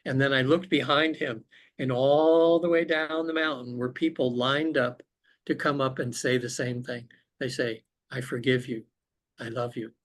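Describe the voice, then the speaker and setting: A man's voice: medium pitch, fairly even intonation, normal speed. A man, a podcast guest, earnestly recounting a personal spiritual experience over a remote call. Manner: earnest, reflective storytelling. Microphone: remote call connection.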